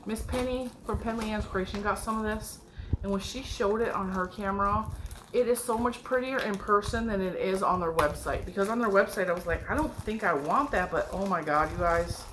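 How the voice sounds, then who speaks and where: A middle-aged woman with a nasal, stuffed-up voice excitedly showing off her yarn haul in a casual video, gushing and laughing often. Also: medium pitch, a little fast, background noise. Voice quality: nasal from a cold. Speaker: yarn and crochet vlogger. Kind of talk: excited casual show-and-tell.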